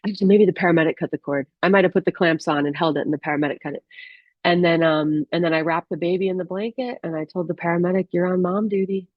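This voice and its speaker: A woman who works as a rural doctor tells a personal story in a candid, halting way, full of restarts and fillers. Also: fairly low pitch, steady tone, no room sound, dull audio.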